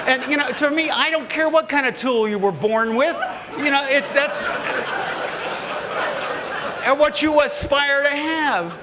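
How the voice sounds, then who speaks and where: A man, a woodworking TV host, telling folksy, joking stories to a live audience, his voice climbing high when he gets worked up. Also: slow pace, pauses often, over a noisy crowd, very noisy. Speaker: woodworking TV host giving a stage talk. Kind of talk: humorous storytelling to a live audience. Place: large hall at a woodworking event. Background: audience laughter.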